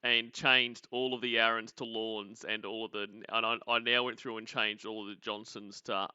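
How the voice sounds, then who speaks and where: A man's voice: lowish voice, little pitch movement, moderate pace, pushed and bright, clear, resonant tone, no room sound, highs cut off. An Australian man hosting a casual livestream, rambling, laughing often and greeting viewers. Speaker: podcast host.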